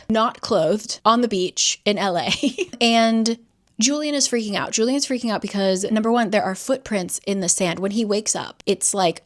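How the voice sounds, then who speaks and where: Brief: a chatty woman with a mid-range voice giving a wry, giggly casual plot recap. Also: medium pitch. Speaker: book summary creator.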